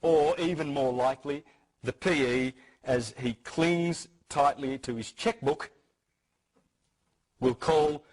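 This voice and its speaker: Husky Australian man lecturing animatedly. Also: a little high, measured pace, rough recording. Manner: animated, acts out quoted voices; frequent restarts and fillers. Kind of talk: lecture to a live audience.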